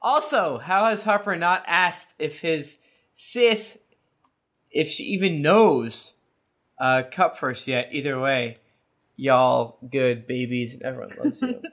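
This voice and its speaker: A man's voice: on the high side, slow, fairly bright tone. A man co-hosting a podcast, reading listener reviews aloud with a joking, mock-serious delivery. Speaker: podcast co-host.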